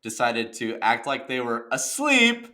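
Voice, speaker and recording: Young man, casual podcast chat, animated ranting, bright tone, mid pitch. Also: unhurried. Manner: animated ranting storyteller, peppers talk with "dude" and "okay". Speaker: podcast co-host.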